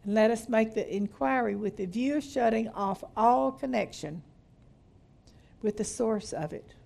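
This middle-aged woman reads aloud from a book at a women's Bible study, commenting as she goes with many hallelujahs and bursts of laughter. She speaks unhurriedly in a slightly high, darkish voice with vocal fry.

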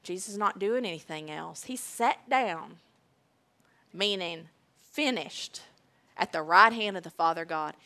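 A woman preaching a sermon, emphatic and deliberate, repeating key phrases. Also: fairly low pitch, pushed and bright.

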